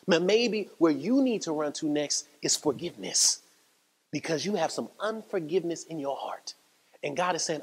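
A man's voice: a little high, expressive, normal speed, husky. A man pastor, preaching a sermon with rising emphasis and repeated phrases. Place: church sanctuary. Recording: long hall reverb.

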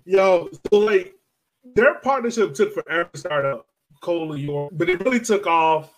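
A man co-hosting a football podcast, telling stories in a loose, slangy, animated way and acting out quotes. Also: high voice, moderate pace, rough recording. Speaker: podcast co-host. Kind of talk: casual chat.

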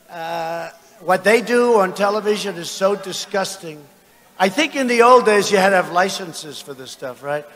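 A man in his seventies giving a political rally speech in an arena, boastful and mocking, often breaking into shouts. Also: sits high. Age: 70s. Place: large arena with crowd. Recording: arena with long reverb.

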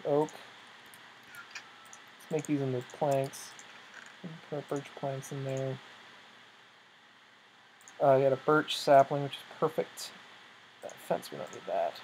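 A let's-play host chatting through a building session in an easygoing, excitable way. They talk to themselves as they play, count things out loud, and jump with nervous alarm when monsters appear. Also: medium pitch, slow, pauses often, a little hiss or hum, low-quality recording. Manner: excitable, thinks aloud, startles easily. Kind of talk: casual gameplay commentary.

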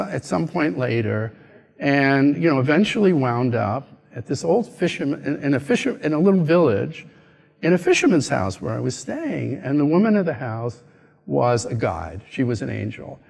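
An American man giving a conference keynote, telling a story in an animated way and acting out the voices of the people in it. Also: mid-range voice, moderate pace, gravelly. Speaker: keynote speaker. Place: conference hall. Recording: echoey hall.

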